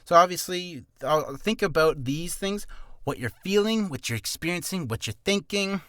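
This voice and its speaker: Chatty man with a lively voice. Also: sits high, dry recording, studio quality. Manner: rambling, self-deprecating, quick-talking. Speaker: aspiring voice actor giving warm-up tips. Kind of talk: casual vlog tutorial. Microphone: camera on a stand.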